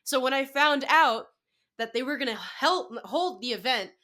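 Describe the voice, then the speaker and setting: Excitable young woman, bright voice. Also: sits high, moderate pace. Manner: excitable storyteller, acts out her reactions. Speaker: podcast guest. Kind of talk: casual podcast chat.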